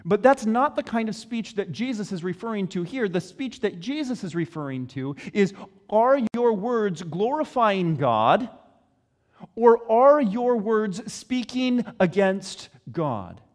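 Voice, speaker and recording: A man preaching a sermon, earnest and questioning, with measured pauses. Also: high-pitched, very animated, in a large hall. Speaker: pastor.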